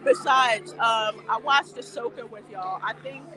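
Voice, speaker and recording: A high-pitched woman chats with her livestream viewers while she strolls an outdoor theme park line. She laughs easily and answers comments as she goes. A busy crowd murmurs all around her phone mic. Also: measured pace. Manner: chatty, laughing, talks back to viewer comments. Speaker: livestream host. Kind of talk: casual livestream chat while walking a theme park queue. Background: crowd chatter.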